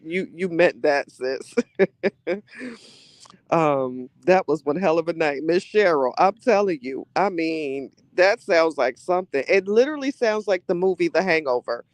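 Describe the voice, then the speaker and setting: A gossipy, chatty male host with a voice a touch higher than most men's. He reads out viewer comments and answers them with quick, slangy reactions and frequent laughs. The sound is dry and close, with little room echo. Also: expressive. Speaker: podcast host reading live chat. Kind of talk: casual live-stream chat.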